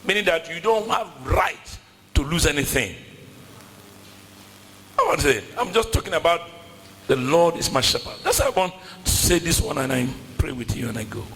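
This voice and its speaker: A man's voice: on the high side, lively intonation, moderate pace, long pauses, fairly bright tone, long reverb tail, slight background noise, poor audio. A man preaching a sermon in a church with a West African accent, emphatic and repetitive, calling out to the congregation. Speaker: pastor.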